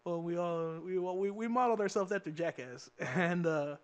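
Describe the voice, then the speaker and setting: A young man with a fairly high voice tells a story on a casual podcast. He is animated and profane, laughs a lot, and acts out every quote as he goes. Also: normal speed, crowd noise. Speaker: podcast co-host.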